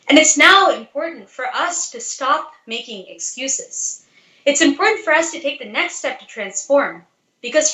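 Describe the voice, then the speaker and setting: A woman's voice: on the high side, pushed and bright, echoey room, poor audio. A woman giving an earnest devotional talk, telling a story and asking rhetorical questions to urge listeners on. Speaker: devotional speaker.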